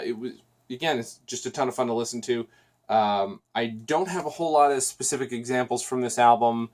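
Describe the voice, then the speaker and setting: A man hosting a podcast, talking casually and reviewing on his own, rambling, with many restarts and fillers. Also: medium pitch. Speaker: podcast host.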